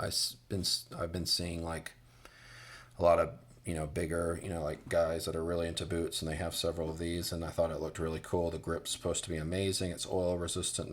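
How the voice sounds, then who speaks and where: An American man giving a casual boot review, rambling with many fillers and restarts. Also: deep voice.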